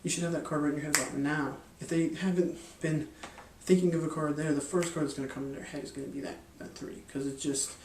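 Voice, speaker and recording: A man's voice: a little high, fairly even intonation, fast talker, hardly any pauses, echoey room, far from the mic, background noise. A man explaining a mind-reading card technique in a loose, rambling way, with lots of fillers and restarts. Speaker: magic and hypnosis instructor. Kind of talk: casual instructional explanation.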